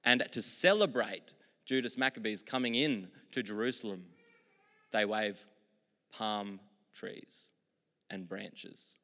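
A man preaching a sermon as pastor, moving between loud, emphatic proclamations and quiet, reflective asides. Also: lowish voice, gravelly. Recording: long hall reverb.

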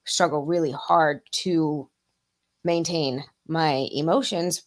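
A woman guest on a podcast, chatting casually in a passionate way, swearing heavily and getting loud. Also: deep voice, fairly even intonation, slow, no echo, studio quality.

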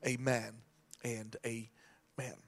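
A man preaching a sermon as pastor, animated, acting out the voices of people in the scripture story. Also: medium pitch, very slow.

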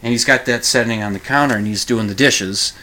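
A man's voice: a little fast, sharp tone. A man hosting a podcast, retelling a story in a casual, rambling way, correcting himself and chuckling as he goes. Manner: rambling, self-correcting, chuckles while recounting; acts out quoted lines in a higher voice. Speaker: podcast host.

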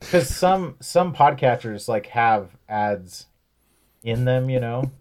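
A man co-hosting a casual podcast, joking and reacting quickly to his friends. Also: mid-range voice, lively intonation. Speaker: podcast co-host. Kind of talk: casual chat.

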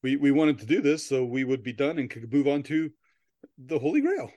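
A man's voice: medium pitch, big pitch swings, normal speed, darkish tone, no room sound. A man hosting a casual comedy podcast who jokes around, goes off on goofy tangents and laughs often. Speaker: podcast host.

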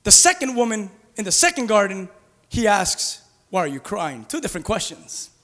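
High-voiced man preaching in a reverberant hall. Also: very animated, moderate pace. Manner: swings from hushed and low to loud and urgent. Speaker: pastor. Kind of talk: sermon. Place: church.

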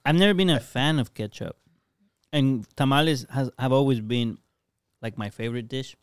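A podcast co-host chats casually and cracks wry jokes in a clear, resonant, mid-range voice at normal speed. It's a dry, studio-quality recording.

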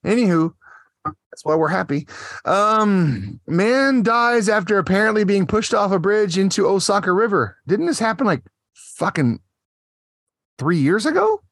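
A tipsy man co-hosts a podcast, swearing freely and rambling as he reads out news stories. His pitch sits a bit high and swings about with lively energy. The sound is close and dry, with no room around it. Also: unhurried, dry recording. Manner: profane, rambling and animated. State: tipsy from drinking. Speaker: podcast co-host. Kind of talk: casual podcast banter, reading news stories.

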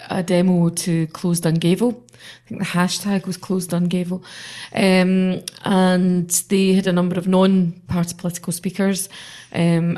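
A woman's voice: fairly low pitch, darkish tone. A woman politician chatting in an interview, telling anecdotes animatedly and mimicking other people's voices. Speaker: member of parliament. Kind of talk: casual interview chat.

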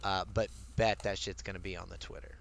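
A man co-hosting a casual podcast chat, animated, swearing casually and laughing often. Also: sits low, fairly quick, gravelly. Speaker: podcast co-host. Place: lives near Maryland.

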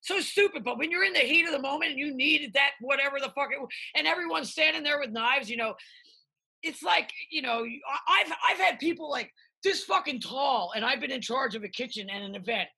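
A middle-aged woman chef on a video call, telling profane, animated kitchen stories and shouting out quoted lines. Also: sits high, fairly quick, gravelly. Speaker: chef, interview guest. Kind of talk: casual interview chat.

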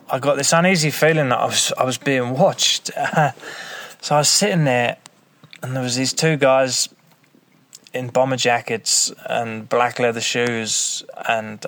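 A man telling a personal story casually and bluntly, swearing freely as he rambles along. His voice is mid-pitched with a steady gravelly fry running through it. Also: dry recording.

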